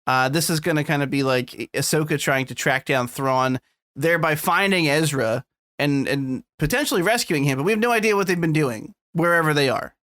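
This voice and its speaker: A man's voice: a little high, fairly quick, fairly bright tone, no room sound, studio quality. A man co-hosting a podcast, chatting casually about film and TV news, laughing and swearing freely. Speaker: podcast co-host. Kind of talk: casual chat.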